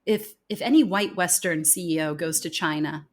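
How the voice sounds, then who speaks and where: A woman with a somewhat low voice talks through a relaxed podcast conversation as the guest. She presses her points with emphasis and becomes lively when she quotes other people. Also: normal speed. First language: English.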